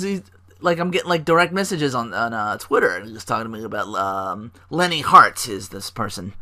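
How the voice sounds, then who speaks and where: A man hosting a casual solo podcast, rambling excitedly with swearing and fillers. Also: medium pitch, moderate pace. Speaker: podcast host.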